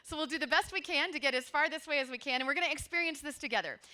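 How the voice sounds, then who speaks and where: A woman in her forties leads a workshop in a conference room, her voice bright and forceful and set a little high for a woman. She tells her stories in a lively, conversational way and turns often to speak straight to her audience. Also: racing. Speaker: workshop presenter.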